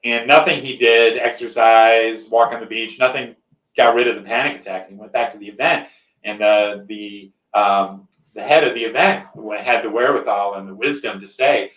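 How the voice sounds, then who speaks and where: A man's voice: fairly low pitch, fairly even intonation, moderate pace, fairly bright tone, distant mic. Rambling man telling a story, roomy sound. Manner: rambling, checks in with frequent "right?" tags. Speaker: podcast host. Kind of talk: conversational storytelling. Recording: roomy echo.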